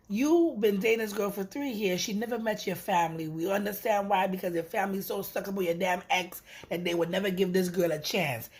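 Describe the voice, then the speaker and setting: A woman's voice: on the low side, darkish tone. A woman giving a casual, sassy review of a reality show. She speaks bluntly and profanely and mimics the people she talks about. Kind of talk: casual reaction review, animated retelling.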